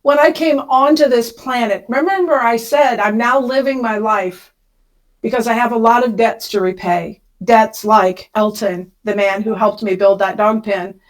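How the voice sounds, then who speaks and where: A middle-aged woman from Kansas, a podcast guest telling a personal story with emotion, rushing when she relives the panic. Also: fairly high pitch, low-quality recording.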